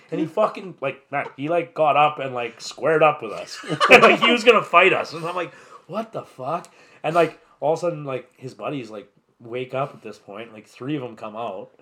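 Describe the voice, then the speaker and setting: A man's voice: on the high side, expressive, normal speed, sharp tone. A laid-back man with a slightly raised voice spins a wild camping story for his podcast buddies. He swears constantly and lets out bursts of laughter as he acts out each line of dialogue. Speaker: podcast co-host telling a story. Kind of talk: casual storytelling chat.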